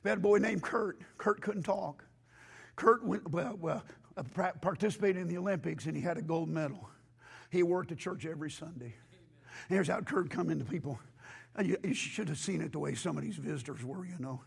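A male pastor preaching a sermon in a church with impassioned, rising delivery, hoarse from losing his voice. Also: fairly high pitch, a little fast.

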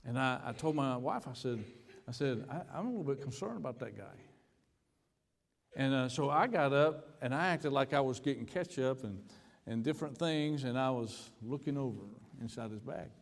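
A man's voice: medium pitch, lively intonation, moderate pace, creaky. A man with an American accent preaching a sermon, telling a personal story with frequent repeated words and restarts. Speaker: pastor. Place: church sanctuary. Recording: long hall reverb.

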